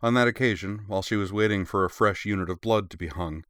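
Male storyteller with a very low voice, measured and steady, dry close sound. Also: clear, resonant tone, no echo. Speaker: audiobook narrator. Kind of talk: scripted narration.

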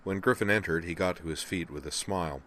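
Deep-voiced male audiobook narrator. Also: fast, fairly bright tone, a little hiss or hum. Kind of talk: scripted narration.

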